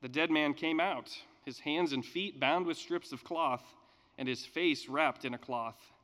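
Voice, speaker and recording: A man reading scripture and preaching a sermon in a measured, earnest way with emphatic pauses. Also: a little high, fairly bright tone, in a large hall. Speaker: pastor.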